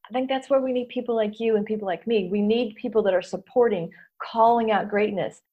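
A woman hosting a casual interview, teaching lively and acting out the voices in people's heads. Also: mid-range voice, fairly quick, lo-fi sound. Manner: animated, acts out inner voices. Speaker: host, coach.

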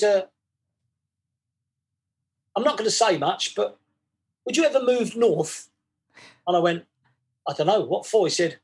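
A man, chatting as a podcast guest and acting out both sides of old conversations. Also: high-pitched. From England. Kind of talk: casual storytelling chat.

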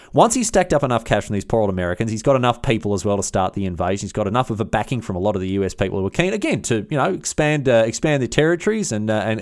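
Man, history podcast host, brisk mid-range voice, irreverent and slangy. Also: medium pitch, a little mellow. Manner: chatty, irreverent, with frequent restarts and slang. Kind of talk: casual history storytelling.

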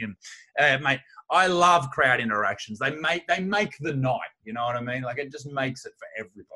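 A man, a stand-up comedian, swaps crude stories in casual chat. His voice is bright and forceful, and he tells them in a brash, sweary way. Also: medium pitch, animated, fairly quick.

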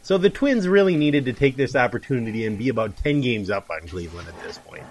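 A male co-host chatting casually about sports. He rambles along with a wry, joking edge, and his pitch sits in a middling range. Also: animated, fast, a little hiss or hum. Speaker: podcast co-host.

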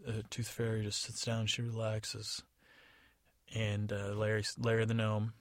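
A man's voice: on the low side, completely flat delivery, a little slow, dry recording. A man from the United States improvising a story in a casual, rambling, digressive way. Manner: rambling, digressive, many fillers. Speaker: podcast storyteller.

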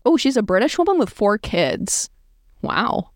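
A woman's voice: a little high, very animated, a little slow, dry recording, clean studio sound. A woman giving casual, sarcastic reaction commentary, reading a blog aloud and joking about it. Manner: sarcastic, amused, reads aloud and riffs.

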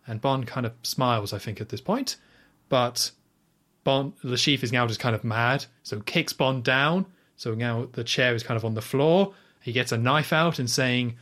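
A young podcast host casually recaps a film scene in detail, quoting lines and using plenty of fillers. His voice is medium-pitched and fairly bright, at a normal speed.

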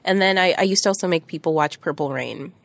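Chatty young woman, low-pitched, dry close sound. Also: fast talker, gravelly, no room sound. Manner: chatty, laughs often, many restarts. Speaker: podcast co-host. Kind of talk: casual chat.

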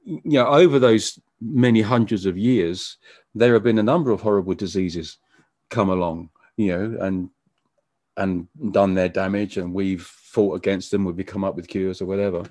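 A man being interviewed as a musician, talking casually in a halting way with frequent stammered restarts. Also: low-pitched, fairly even intonation, darkish tone, no room sound, studio quality. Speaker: musician guest.

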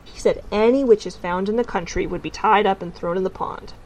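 An earnest, stubborn young girl who speaks a little higher than the rest of the reading and blurts things out, as a woman puts her on. She sounds like a storybook child, with a middle-range voice underneath. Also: fairly quick, a little mellow, slight background noise, natural voice, poor audio.

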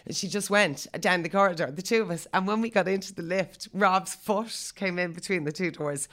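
A woman in her thirties, a guest chatting casually and telling lively stories full of acted-out quotes. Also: lowish voice, brisk. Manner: lively storyteller, acts out quotes. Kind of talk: casual chat.

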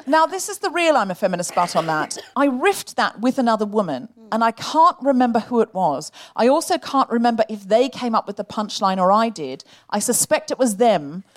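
A woman hosting a live comedy podcast on stage, delivering jokes in a quick, wry way. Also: a little high, very animated. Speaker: host. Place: live stage before an audience.

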